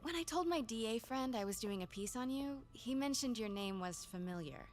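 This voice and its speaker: An actress voicing a curious young female reporter in a video game, talking softly and often in hushed asides. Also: a little high, expressive, a little fast, faint music behind, natural voice. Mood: probing. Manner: soft, often whispered asides. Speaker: game character.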